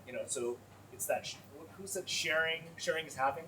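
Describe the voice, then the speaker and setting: A man's voice: a little high, brisk. Guy on a panel, earnest and chatty, kinda far from the mic, faint hiss. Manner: earnest, conversational, many "like"s. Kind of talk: panel discussion.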